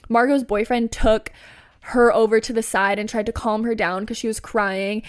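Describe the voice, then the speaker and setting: A woman's voice: on the high side, moderate pace. Chatty young woman telling a story. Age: 20s. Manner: chatty, animated, lots of "like" and "you know". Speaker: podcast host. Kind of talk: casual storytime.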